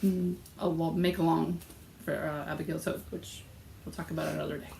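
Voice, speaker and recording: A woman's voice: deep voice, flat delivery, brisk, creaky, warm tone, a little hiss or hum. A woman co-hosting a knitting podcast in casual chat, bubbly and jokey. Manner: bubbly, jokey, laughs often. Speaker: podcast co-host. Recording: echoey room with faint ambience.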